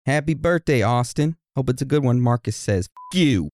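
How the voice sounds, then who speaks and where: A man co-hosting a podcast, reading birthday shout-outs in a joking, self-deprecating way. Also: medium pitch, a little fast, no room sound. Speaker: podcast co-host.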